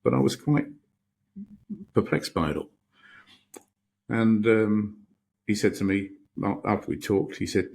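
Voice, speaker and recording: A man's voice: lowish voice, unhurried, gravelly, pauses often, darkish tone, slight background noise. A middle-aged British man, a podcast guest, telling stories reflectively with many restarts. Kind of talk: storytelling in a podcast interview.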